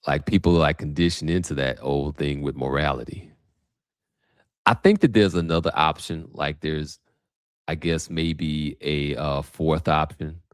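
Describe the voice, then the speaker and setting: Deep-voiced man on a livestream. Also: a little slow, clean tone, no room sound, clean studio sound. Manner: casual, thinking aloud with many restarts and fillers. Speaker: host. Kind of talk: livestream commentary.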